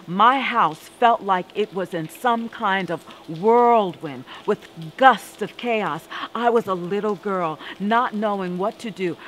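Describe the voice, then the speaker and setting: A woman performs a spoken-word story with a slow, measured pace. She leans on dramatic pauses and rhythmic repetition, her voice sitting at a middle pitch. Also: fairly bright tone, slight background noise, poor audio.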